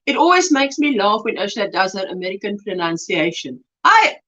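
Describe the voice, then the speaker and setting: A woman hosting a crochet livestream, chatting casually, warmly reading out viewer comments and exclaiming over their work. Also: mid-range voice, very animated, a little fast. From South Africa. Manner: effusive, reads chat aloud with exclamations and laughs. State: recovering from throat swelling. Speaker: livestream host. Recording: dull lo-fi livestream audio.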